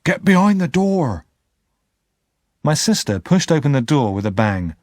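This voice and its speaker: A man's voice: lowish voice, no echo, clean studio sound. A man narrating an audiobook expressively. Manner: expressive, lively. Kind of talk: scripted narration.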